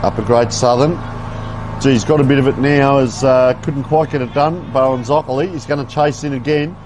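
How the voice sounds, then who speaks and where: A man's voice: mid-range voice, fairly even intonation, fairly quick, background noise. A man giving folksy, chatty live play-by-play commentary on a local football game. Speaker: sports commentator. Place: outdoor football ground.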